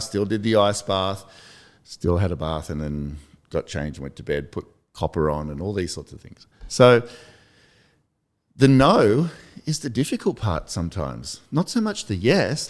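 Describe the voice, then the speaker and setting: A man's voice: lowish voice, big pitch swings, normal speed. A man, hosting a casual motivational podcast and telling rambling, self-deprecating stories. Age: 50s. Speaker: podcast host.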